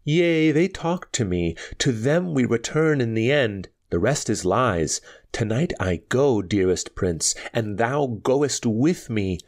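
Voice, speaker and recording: A man's voice: mid-range voice, animated, slow pace, a little mellow, voice pushed up. A man reading a storybook aloud, voicing a bold, defiant young dancer woman who speaks scornfully and insistently.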